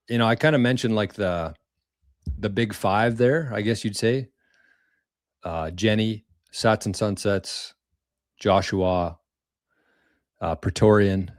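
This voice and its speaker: A man's voice: lowish voice, darkish tone, no echo, studio quality. A man hosting a casual live stream, thanking viewers for tips in a rambling way, repeating words and using mild slang. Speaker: livestream host reading viewer tips.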